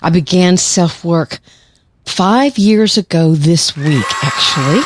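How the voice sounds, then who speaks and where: This is an American woman in her sixties, a clinical psychologist and podcast host, with a lowish voice and a darkish tone. She speaks in a chatty monologue, laughing lightly now and then.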